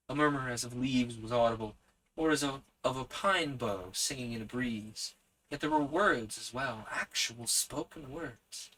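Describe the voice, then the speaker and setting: A man reading a story aloud as host of a reading podcast, in a soft, measured voice. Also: medium pitch, slight background noise, rough recording.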